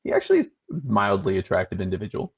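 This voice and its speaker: A man's voice: deep voice, wildly swooping pitch, quick pace, husky, dull audio. A man co-hosting a casual movie chat, making dry, wry remarks. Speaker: co-host.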